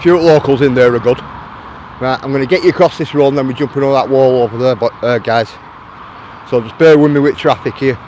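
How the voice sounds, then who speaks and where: A man's voice: mid-range voice, fast talker, a little mellow, a little hiss or hum. A man with a Lancashire accent, chatting to live-stream viewers while he walks outdoors through a town, answering their comments and calling them mate. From Lancashire, England. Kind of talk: casual walking live stream. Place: outdoors in a town, near traffic.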